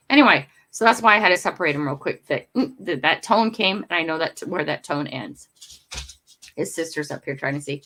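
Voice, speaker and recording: An older woman hosts a casual morning livestream from her home, rambling to viewers and breaking off to talk to her dogs. Her voice is gravelly with a fry to it, yet bright and forward. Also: sits low, lively intonation, fairly quick. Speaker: livestream host. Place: home room.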